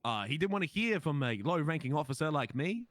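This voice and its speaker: A man's voice: a little high, very animated, a little fast, fairly bright tone, dry recording. A man with an Australian accent playing a police officer in a role-play game, telling his story in an indignant, emphatic way.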